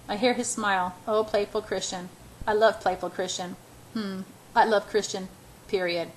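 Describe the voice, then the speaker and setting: A woman's voice: medium pitch, steady tone, normal speed, slight background noise, low-quality recording. Woman, amateur audiobook reading, first person, casual, self-corrections.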